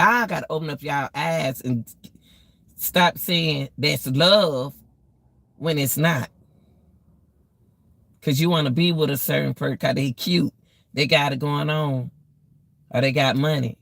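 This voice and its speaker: A woman's voice: low-pitched, no room sound. A woman giving casual life advice to her viewers, preachy, repetitive and emotional. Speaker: vlogger.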